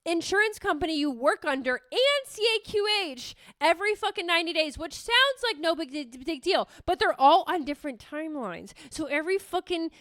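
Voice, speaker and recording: A woman therapist hosting a podcast, talking in a candid, profane and animated casual monologue, often mocking herself. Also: very high voice, normal speed, hardly any pauses, dry recording, clean studio sound.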